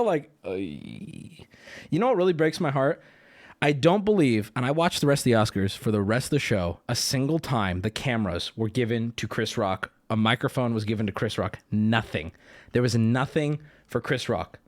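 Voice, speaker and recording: A man hosting a livestream, reacting to a video with profane, exasperated casual commentary; his throat is swollen. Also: a little high.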